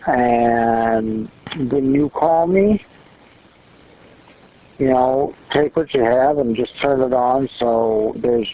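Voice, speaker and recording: A man's voice: mid-range voice, takes it slowly. A man in a casual phone conversation, giving advice in a coaxing, loose, rambling way. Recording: tinny phone line with faint noise.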